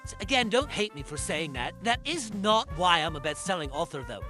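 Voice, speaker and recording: A man's voice: high-pitched, big pitch swings, brisk, over music. A man playing a vain, pompous bestselling novelist in a comedic mock interview, boastful and easily offended. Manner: boastful, indignant, self-important.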